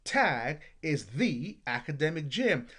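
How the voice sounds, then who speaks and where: A woman's voice: low-pitched, sing-song, slow pace, fairly bright tone, husky. A woman, a reading coach giving a parent tips lesson, upbeat and sounding out syllables with exaggerated emphasis.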